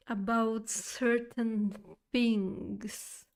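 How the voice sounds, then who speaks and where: In a casual chat with her viewers, a woman streamer tells a nightmare story, giggling, restarting and using plenty of fillers. Her fairly high voice is creaky and a little mellow.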